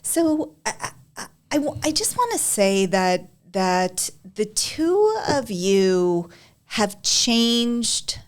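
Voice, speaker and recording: A woman's voice: on the high side, big pitch swings, slow pace. A woman co-hosting a podcast in casual conversation, effusive and enthusiastic. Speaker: podcast co-host.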